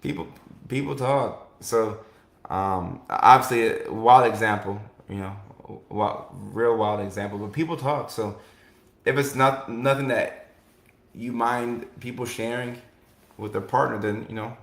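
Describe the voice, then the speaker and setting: A man's voice: on the low side, measured pace, vocal fry. A man hosting a casual talk show, chatting loosely and answering viewers, with lots of "like" and "you know" and frequent restarts. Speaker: host. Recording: echoey room.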